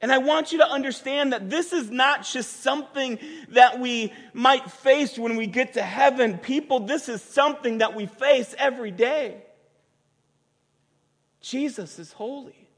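High-voiced preacher in a reverberant hall. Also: male voice, measured pace. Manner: emphatic, repeats words for stress, rises to near-shouts. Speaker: pastor. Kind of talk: sermon. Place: church sanctuary with a band. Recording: long reverb of a large hall.

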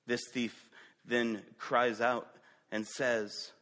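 A man delivers a sermon at a slow, deliberate pace, his voice bright and forceful. He keeps putting direct questions to the congregation, and his level swings between loud, emphatic passages and hushed, low ones. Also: level tone. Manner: dynamic preaching, rising loud then dropping to quiet; asks the listeners direct questions. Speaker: pastor.

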